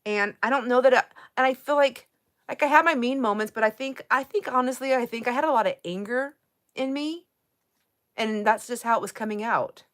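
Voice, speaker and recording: A woman's voice: on the high side, fairly quick, a bit bright. A middle-aged woman hosting a casual live stream, chatty and laughing often as she talks with her viewers. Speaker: livestream host.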